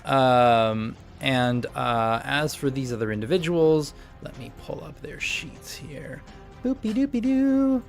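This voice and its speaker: A man's voice: medium pitch, slow, creaky, hardly any pauses, faint music behind. A young man narrating as game master on a voice call, rambling with many fillers and restarts.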